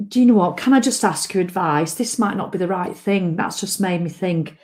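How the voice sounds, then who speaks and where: A woman's voice: fairly low pitch, fairly quick. Lady chatting live to her viewers, bubbly and reacting to comments. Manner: chatty, lively, reads out comments. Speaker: livestream host. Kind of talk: casual live chat to viewers.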